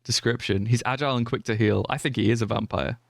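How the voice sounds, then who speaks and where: A man's voice: mid-range voice, fairly even intonation, fast, gravelly, no room sound. A man narrating his own game playthrough with dry jokes and the odd curse. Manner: dry joking, swears, shouts in alarm at game events. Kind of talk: wry game narration mixed with live stream reactions.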